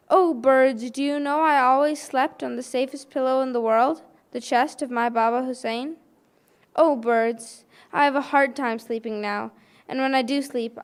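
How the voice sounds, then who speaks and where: Woman reciting as a mourning orphan girl in captivity, high smooth voice, plaintive lament, elegy poem. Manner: lamenting, repeated plaintive calls. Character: grieving orphaned little girl in prison.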